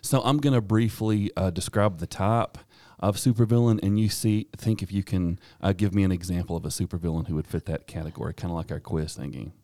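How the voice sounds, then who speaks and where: A man with a rural American twang talks in a low, deep register. His delivery is loose and rambling, full of fillers and small chuckles. The sound is close and dry, as in a small studio. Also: fairly even intonation, a little fast, dark tone, no echo. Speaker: podcast co-host, teacher. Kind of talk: casual podcast chat.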